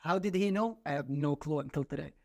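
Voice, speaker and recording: Animated young man telling stories. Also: on the high side, fast talker, gravelly. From Saudi Arabia. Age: 20s. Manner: animated storyteller, laughs often. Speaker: podcast guest. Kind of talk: casual storytelling chat.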